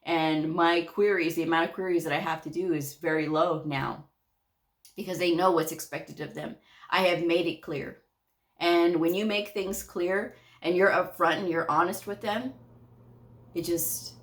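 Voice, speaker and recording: Chatty low-voiced woman telling work stories. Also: steady tone, unhurried. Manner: chatty, laughs often, acts out quoted dialogue. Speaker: medical coder. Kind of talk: casual storytime vlog.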